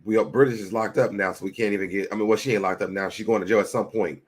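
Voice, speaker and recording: A man's voice: on the low side, steady tone, rapid-fire, breathy edge. A man hosting a casual commentary show, chatting to viewers as y'all and reading social media posts aloud. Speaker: commentary channel host.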